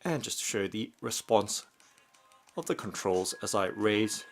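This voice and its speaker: Man, product reviewer, slow deliberate delivery, lively rising and falling pitch, low voice. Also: faint music behind. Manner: slow, methodical step-by-step narration. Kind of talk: unboxing demonstration narration.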